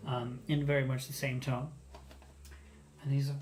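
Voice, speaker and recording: A host recounting a mishap in a loose, casual way. He is animated and self-mocking, and he slips into the voices of the people in his story. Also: mid-range voice, normal speed. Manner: animated, self-mocking, acts out quoted lines. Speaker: podcast host telling a story.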